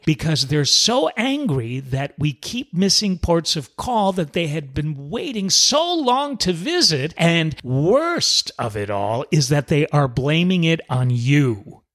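A man's voice: fairly high pitch, a bit bright. A man, a former cruise director, hosting a self-help talk and telling a personal story, acting out the dialogue as he goes.

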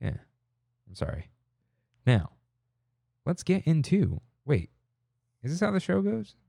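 A man's voice: a little high, takes it slowly, gravelly, no echo, clean studio sound. A young man co-hosting a podcast, chatting casually and rambling through stories with quoted voices. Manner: rambling storyteller, animated quoting. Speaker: podcast co-host. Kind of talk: casual chat.

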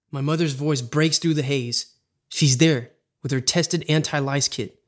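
A man narrating a scripted comic story as the host, delivered in a dramatic, deadpan way with bits of rhyme. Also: fairly high pitch, measured pace.

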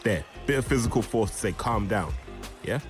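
A man's voice: medium pitch, fast talker, music in the background. A man giving blunt, scornful commentary over boxing footage. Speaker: boxing analyst.

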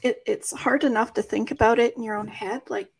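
A woman interviewing a guest casually, thinking out loud with hesitant restarts. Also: on the high side, steady tone, a little fast, gravelly, slight background noise.

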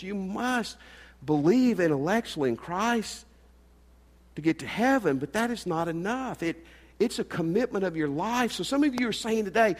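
A man's voice: sits high, expressive, normal speed. Earnest preaching man in a reverberant church. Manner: earnest, swings between loud emphasis and quiet asides. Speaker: pastor. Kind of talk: sermon. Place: church sanctuary. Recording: long hall reverb.

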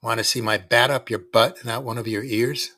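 A man's voice: medium pitch, fairly even intonation, brisk, bright, forceful tone, no room sound, clean studio sound. A man voicing a foul-mouthed, mocking boy. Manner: crude, mocking insults. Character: foul-mouthed, hot-headed young boy.

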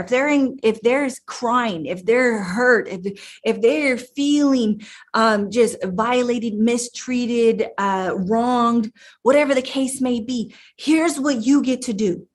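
A woman life coach giving a motivational talk, emphatic and repetitive, rallying her listeners. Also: a little high.

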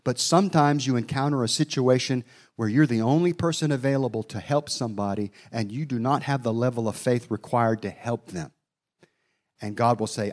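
A man's voice: medium pitch, moderate pace, a little mellow. A middle-aged man preaching a sermon, telling a personal story in a folksy way, with asides to his listeners.

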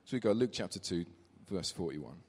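Man in his thirties, low-pitched, conversational preacher, reverberant church hall. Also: animated, fairly quick, slightly rough. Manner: warm conversational, reads scripture aloud. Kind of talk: sermon with personal story.

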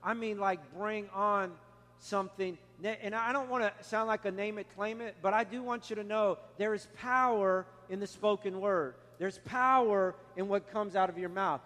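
A man preaching a sermon with emphatic, repeated key lines. His voice sits high for a man, and a long reverb hangs behind him in the church hall. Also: moderate pace, sharp tone.

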